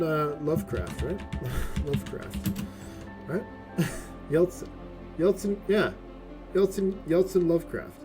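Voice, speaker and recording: A man giving casual gameplay commentary as a streamer, chatty and profane, often tagging his lines with "right?". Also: a little high. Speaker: game streamer. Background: game music.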